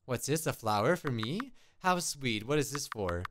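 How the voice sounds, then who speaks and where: A man reading the lines of a lonely, motherly woman witch who lives alone in the woods, in a soft and polite way. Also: mid-range voice, animated, normal speed, noisy background, natural voice. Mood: gentle. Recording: game music behind.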